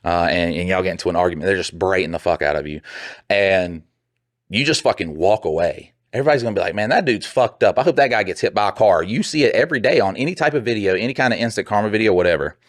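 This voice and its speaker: Young male podcast co-host, low-pitched, dry close sound, heated and profane, rambles. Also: expressive, no room sound. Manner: profane, rambling, heated, mimics people in quick bursts. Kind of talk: casual podcast chat.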